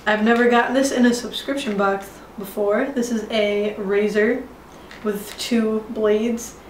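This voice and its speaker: A woman's voice: mid-range voice, fairly even intonation, a little slow, slight background noise. A young woman chatting in a rambling way, with lots of "like" and "you know", as she shows beauty products, recorded indoors at home with rain outside. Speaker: beauty vlogger. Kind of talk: casual haul video chat. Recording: roomy sound from a distance from the mic. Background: heavy rain outside.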